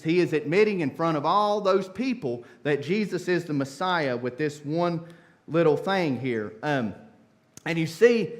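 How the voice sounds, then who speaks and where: A man preaching a sermon, telling the story in a folksy, animated way with casual asides. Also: medium pitch. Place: church sanctuary.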